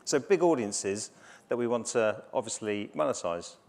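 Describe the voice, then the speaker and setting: A man's voice: fairly low pitch, expressive, moderate pace, darkish tone. A middle-aged man from the UK giving a business conference presentation, conversational with many fillers and restarts. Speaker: conference speaker. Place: conference stage.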